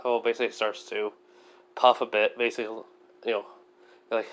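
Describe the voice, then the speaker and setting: A man's voice: fairly low pitch, flat delivery, moderate pace, pauses often, fairly bright tone. A man casually narrating an improvised story, rambling with many fillers and frequent self-corrections. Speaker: fan storyteller.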